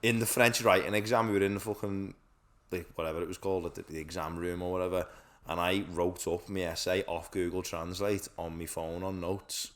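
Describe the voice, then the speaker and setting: Podcast co-host, young man, lower voice, animated storyteller who laughs and swears. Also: fairly quick. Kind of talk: casual chat.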